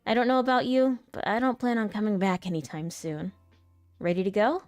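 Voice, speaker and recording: A woman voicing a friendly, energetic female travel companion in a voice acting demo read. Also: medium pitch, brisk, no room sound, soft background music, natural voice. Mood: upbeat.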